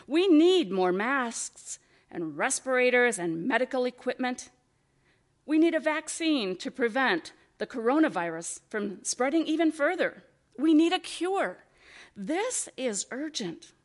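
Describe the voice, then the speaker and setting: A woman pastor giving a sermon, with slow, expressive preaching and rhetorical questions. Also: high voice.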